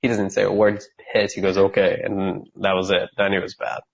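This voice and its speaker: Husky-voiced man telling a lively story. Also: low-pitched, brisk, highs cut off. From California. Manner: animated storyteller who acts out quoted voices. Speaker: guest. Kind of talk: storytelling in a podcast interview.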